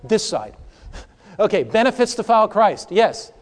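A man's voice: high voice, moderate pace. A man, a pastor, teaching a sermon class and asking the audience questions. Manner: animated, asks the audience questions. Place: hall with a live audience.

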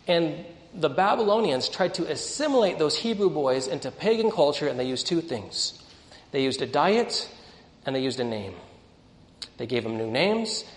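A young man preaching a sermon to a congregation, telling stories and acting out the dialogue with lively energy. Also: medium pitch. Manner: animated storytelling, acts out dialogue. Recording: echoey hall.

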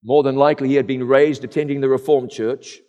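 Earnest preacher in an echoing hall. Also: male voice, medium pitch, flat delivery, a little fast, mellow. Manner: rhetorical, earnest, direct address. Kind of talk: sermon. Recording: long echo of a large hall.

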